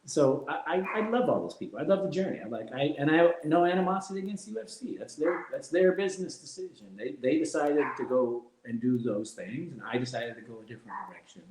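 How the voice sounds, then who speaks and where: A middle-aged man, a former fighter, speaking as an interview guest, reflective and animated as he tells anecdotes with frequent laughter. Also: on the high side, quick pace, few pauses, reverberant, noisy background. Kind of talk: candid interview storytelling.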